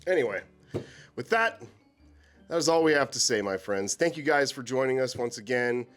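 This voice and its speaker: A man co-hosting a casual chat about horror movies, animated and swearing freely. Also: medium pitch, moderate pace, faint music behind. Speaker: co-host.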